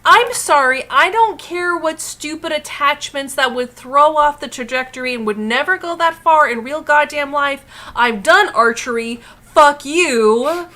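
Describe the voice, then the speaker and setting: A young woman co-hosting an art livestream, ranting in a heated, profane, animated way and laughing often. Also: sits high, measured pace. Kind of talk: casual livestream rant.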